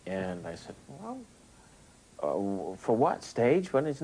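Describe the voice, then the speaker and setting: A man's voice: lowish voice, sing-song, measured pace, darkish tone, slight background noise, rough recording. A man with a whiny Bronx accent, telling a comic anecdote in an interview and acting out the dialogue. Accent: New York Bronx. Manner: comic storytelling, acts out dialogue. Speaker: actor interviewed.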